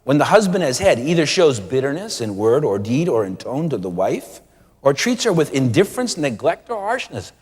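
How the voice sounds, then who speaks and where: A man preaching a sermon with animated delivery, acting out quoted voices and drawing out key words. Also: medium pitch, normal speed, slightly rough, long reverb tail.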